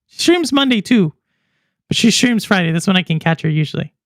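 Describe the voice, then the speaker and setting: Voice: mid-range voice, lively intonation, fairly quick, no echo, clean studio sound. A podcast host in casual chat about gaming news, rambling and answering viewers in the live chat. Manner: chatty and rambling, many fillers and asides to chat viewers.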